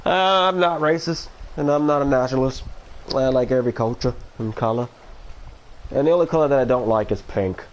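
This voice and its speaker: A man's voice: medium pitch, fairly quick. Brief: man, casual streamer, meandering, full of fillers and restarts. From Florida. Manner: rambling and hesitant, many fillers and restarts. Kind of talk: casual livestream chat.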